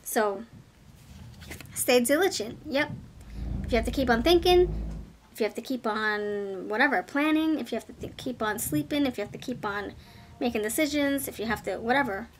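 An upbeat woman running a pick-a-card tarot reading, talking in a bright, raised voice. She is chatty and excitable, and a faint background hiss sits under her voice. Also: on the high side, normal speed. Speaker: tarot reader.

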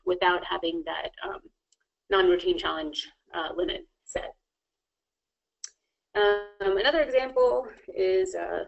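A woman presenting a live webinar tutorial, talking quickly with many fillers. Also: lowish voice, gravelly, lo-fi sound.

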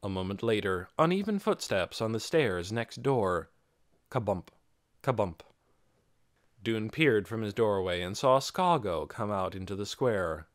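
A man reading an audiobook aloud with expressive storytelling. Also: fairly low pitch, measured pace, dry recording, clean studio sound. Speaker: audiobook narrator. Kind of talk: scripted audiobook narration.

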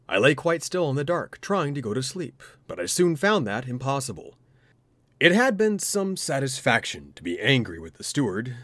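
A man's voice: mid-range voice, fairly bright tone, no room sound. Man reading a ghost story dramatically. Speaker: narrator. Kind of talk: scripted ghost story narration.

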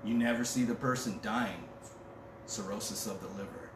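Preaching in church as pastor, a man with a fairly low voice speaks at normal speed in a conversational style. He reads scripture aloud and jokes casually, while the recording comes across as roomy and distant, with noise around it.

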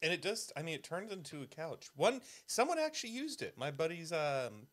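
Lighthearted, lively-voiced male podcast host. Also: a little high, a little fast. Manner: joking, easygoing banter. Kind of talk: casual podcast chat. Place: his apartment.

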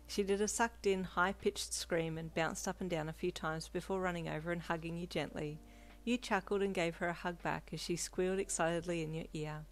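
A woman narrating a second-person fanfiction story in a calm, steady storytelling voice. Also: fairly low pitch, normal speed.

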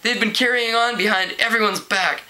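A man's voice: sits high, steady tone, moderate pace, bright, forceful tone, voice pushed up, low-quality recording. Distraught young woman, voice raised and sobbing, put on by a male reader. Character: tearful young woman, dramatic and weepy.

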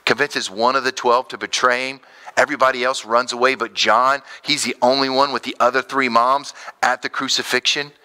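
A man in his thirties preaching a sermon as pastor, animated, acting out quoted voices. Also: mid-range voice, fairly quick, clean tone.

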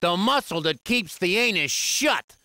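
A man voicing a crusty, sleazy male bacteria germ in a 1990s edutainment game, drawling slowly. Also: high voice, lively intonation, sharp tone, dry recording, studio quality, heavily acted. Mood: explaining. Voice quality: crusty, gravelly voice. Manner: slow drawling sleazy delivery.

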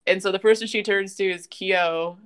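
A woman hosting a casual podcast, retelling scenes in an animated way and laughing often. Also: medium pitch, normal speed, smooth. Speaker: podcast host. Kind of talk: casual chat, recapping an anime.

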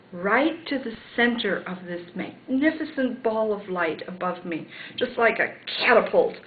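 A woman's voice: medium pitch, a little hiss or hum. A woman recounting a near-death experience, reflective and searching for words, on a roomy, phone-like recording. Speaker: interviewee.

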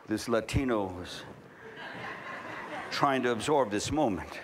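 A middle-aged man preaching a sermon, telling stories and building to fervent shouting. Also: lowish voice, expressive, slow, long pauses, background noise. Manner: storytelling, rising to fervent shouting.

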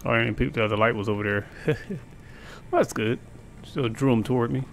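Gravelly gamer reacting loudly to a game. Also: male voice, medium pitch, normal speed, slight background noise. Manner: reactive, exclaiming, chatty. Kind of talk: let's play commentary. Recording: game sound loud behind the voice.

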